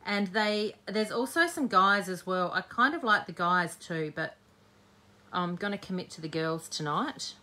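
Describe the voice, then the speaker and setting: A woman's voice: mid-range voice, measured pace, sharp tone. A woman hosting a live-streamed crafting demo, chatting cheekily with her viewers as she works. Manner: chatty, cheeky, talks while working. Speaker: scrapbooking host.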